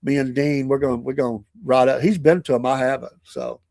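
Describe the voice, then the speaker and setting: A man's voice: mid-range voice, steady tone, a little fast, gravelly, a little mellow, no echo, studio quality. Older man, folksy chuckling host. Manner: folksy, chuckling, rambling storyteller. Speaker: morning show host. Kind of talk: casual podcast chat.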